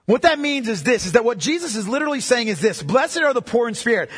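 High husky preacher in a reverberant hall. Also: male voice, lively intonation, fast talker, hardly any pauses. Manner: emphatic, repeats key lines, asks the listeners questions. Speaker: pastor. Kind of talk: sermon.

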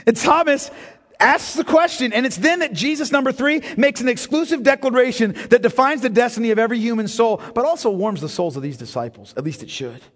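A man preaching a sermon as pastor, impassioned, swinging from hushed tones to near-shouting and calling his listeners beloved. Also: very high-pitched, lively intonation, fairly quick. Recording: long reverb of a large hall.

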